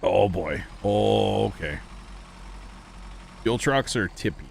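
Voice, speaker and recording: A man's voice: on the low side, animated, slow pace, gravelly, a little hiss or hum. A man hosting a gameplay livestream, chatting and joking with viewers and teammates. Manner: chatty, jokey, talks to viewers. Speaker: livestream host. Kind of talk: casual gameplay chat.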